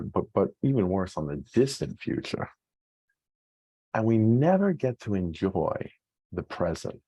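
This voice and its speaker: A man with a low, gravelly and mellow voice speaks as a psychologist giving a motivational self-help talk. His delivery is slow and lively in pitch, earnest and encouraging, with frequent check-ins to the listener. The sound is dry and close. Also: no echo. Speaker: psychologist and weight loss coach.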